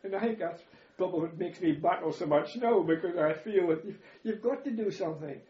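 A man's voice: high voice, fairly quick. An older man, telling war stories in an interview. He chuckles now and then and repeats words as he recalls events. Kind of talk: reminiscing storytelling. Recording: echoey room, slightly dull audio.

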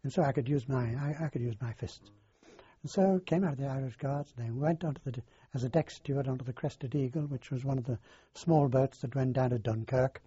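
An older man, recounting his past in a halting, rambling way in an oral history interview. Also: medium pitch, dark tone. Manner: halting, rambling storyteller with many fillers. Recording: dull lo-fi dry recording.

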